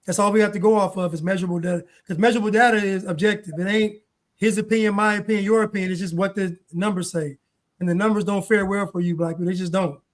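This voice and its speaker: A man's voice: high voice, steady tone, quick pace. A man hosting a livestream talk show, making emphatic, preachy points and repeating them. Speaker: show host. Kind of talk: livestream commentary.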